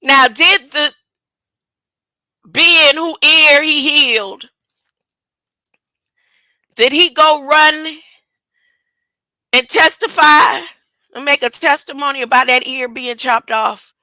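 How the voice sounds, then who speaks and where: A woman preaches an informal sermon in an emphatic, colloquial way, firing off rhetorical questions. Her voice is high and bright. The sound is dry and close. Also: steady tone, takes it slowly, long pauses, no echo, rough recording.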